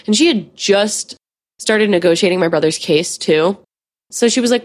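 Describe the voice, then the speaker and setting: A woman's voice: medium pitch, moderate pace. A woman in her twenties, a podcast host, telling a story in a casual, profane, chatty way with many fillers.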